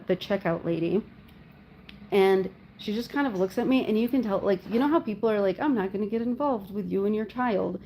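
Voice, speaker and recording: A young woman chats casually with her viewers in a warm, mellow voice that sits at a middle pitch. She tells a long personal story in a loose, rambling way, leaning on "like" and "you know" as she goes. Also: a little hiss or hum. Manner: rambling storytelling full of "like" fillers. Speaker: livestream host talking with viewers. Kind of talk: casual chat.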